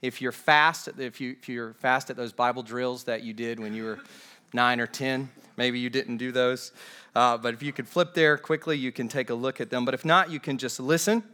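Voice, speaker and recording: Male pastor in a church service; earnest, measured preaching with restarts. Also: medium pitch, fairly even intonation, pushed and bright. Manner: measured, earnest delivery with frequent repeated words. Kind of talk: sermon with opening prayer. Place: church during a morning service.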